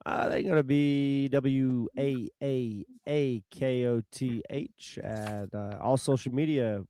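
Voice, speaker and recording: A man co-hosting a podcast who chats in a laid-back, halting way. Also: mid-range voice, steady tone, dark tone, dry recording. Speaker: podcast co-host. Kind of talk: casual chat.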